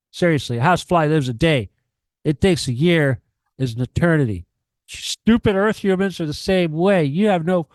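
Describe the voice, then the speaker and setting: A man with a slightly high voice lectures a radio audience, swearing often and hammering his points through repetition. He sounds close to the microphone, with almost no room around him. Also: no room sound. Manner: profane, emphatic, preachy, repeats himself. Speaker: guest on a radio talk show. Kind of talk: ranting radio talk.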